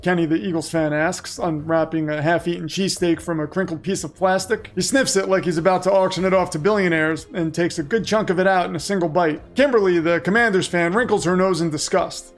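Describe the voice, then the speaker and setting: A man's voice: sits high, brisk, hardly any pauses, soft background music. A man who hosts a show, narrating a scripted comedic story with dramatic, playful delivery. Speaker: storyteller host.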